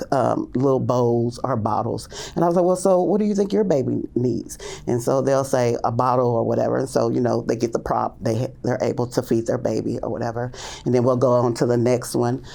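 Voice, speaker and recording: A woman teacher with a gravelly, heavily creaking voice and a dark, mellow tone. She tells her classroom stories in a rambling, casual way, full of fillers, and slips into hushed or lifted voices to act out what she and the little ones say. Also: fairly even intonation, moderate pace. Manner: acts out classroom talk in hushed and high voices; loose, rambling with many fillers. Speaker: early childhood teacher. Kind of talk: casual storytelling in a podcast interview.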